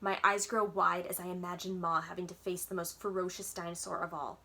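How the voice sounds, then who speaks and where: A woman, a children's librarian, reading a children's novel aloud in clear, even narration. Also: fairly low pitch, brisk.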